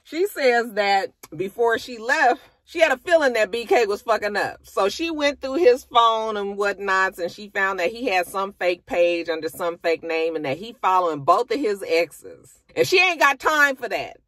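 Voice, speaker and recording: Animated, gossipy woman recapping a show. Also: normal speed, few pauses, no echo. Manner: animated, profane, chatty, swings into high acted quotes. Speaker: reality TV recap host.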